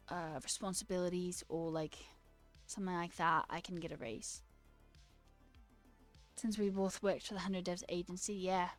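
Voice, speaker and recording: Woman, casual livestream chat, talkative, laughs a lot, mid-pitched voice, soft music behind. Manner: chatty, laughs often, answers chat questions. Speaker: livestreamer and new software engineer.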